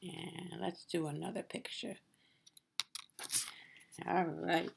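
A woman teaching a video lesson to young children, slow and encouraging, pausing to let them answer. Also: fairly low pitch, steady tone, vocal fry, noisy background. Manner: slow, sing-song, encouraging, with questions and pauses for answers. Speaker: preschool teacher.

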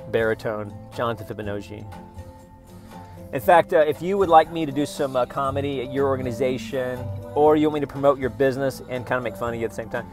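A man from Oklahoma riffs through a stand-up bit in a meandering, sarcastic way, mocking what he reads. His voice sits at a middle pitch, and faint music plays behind him. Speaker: comedian.

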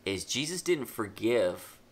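His voice runs on the low side as this man teaches kids a Bible lesson. He retells the story with animated emphasis and casual remarks, then slows for the notes he dictates.

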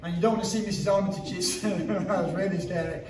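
A man's voice: high voice, fairly even intonation, a little fast, darkish tone, slight background noise. A man, a martial arts instructor, teaching a children's class to camera in an upbeat, playful way, counting drills and joking. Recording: echoey hall, far from the mic.

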